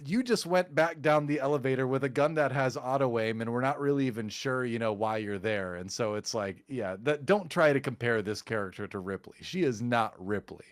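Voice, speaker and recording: A man co-hosting a podcast, chatting casually about a movie with sarcasm and animated delivery. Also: mid-range voice, a little fast, few pauses, dry recording, clean studio sound. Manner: animated, sarcastic, acts out quotes in mocking voices. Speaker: podcast co-host. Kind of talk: casual movie review chat.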